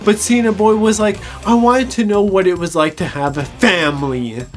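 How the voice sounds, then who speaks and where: Brash male reviewer, high voice, swearing and sneering through a casual show recap. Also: fairly even intonation, normal speed, soft background music. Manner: crude, mocking, swearing, laughing at own jokes. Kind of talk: casual episode recap commentary.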